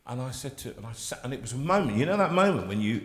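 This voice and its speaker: A man hosting a live show, telling an emotional personal story with halting restarts. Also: mid-range voice, sing-song, roomy sound, in a large hall. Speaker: host.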